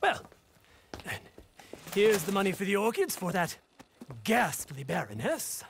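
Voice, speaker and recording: A man's voice: high-pitched, big pitch swings, measured pace, vocal fry, a little hiss or hum, exaggerated voice. An actor playing a flamboyant, fussy, aristocratic male collector in a video game, gushing and snobbish. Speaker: game character.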